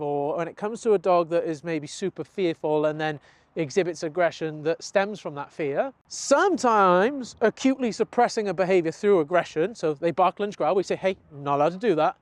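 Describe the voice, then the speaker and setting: A young man from the UK, a dog trainer, giving an earnest, explanatory lesson and acting out his dog's thoughts in quick asides. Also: sits high, a little mellow, dry recording. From United Kingdom. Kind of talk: talking-head training lesson.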